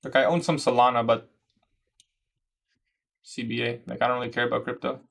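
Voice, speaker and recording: A young man from Canada casually chatting on a trading livestream, answering viewer questions in a relaxed, slangy way. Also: medium pitch, brisk, vocal fry. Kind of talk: casual livestream chat reading comments.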